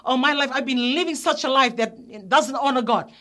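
Woman pastor, high voice, earnest testimony turning into emphatic preaching. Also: normal speed, pushed and bright. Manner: earnest storytelling, rising to emphatic exhortation. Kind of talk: testimony sermon.

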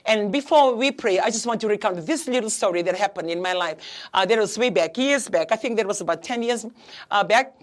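A woman's voice: medium pitch, lively intonation, a little fast. A woman preaching an earnest, pleading sermon as a pastor, with frequent hesitations and repeated phrases. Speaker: pastor and prayer counselor. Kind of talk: heartfelt sermon.

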